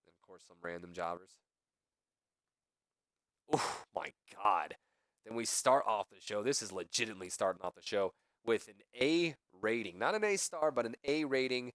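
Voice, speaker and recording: A young man talks through a game in a casual, rambling way, thinking aloud as he goes. His voice sits fairly low and sounds dry and close. He keeps padding his sentences with easy fillers. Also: fairly quick, hardly any pauses, fairly bright tone, dry recording. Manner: rambling, thinking aloud, says "pretty much" often. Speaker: let's play commentator.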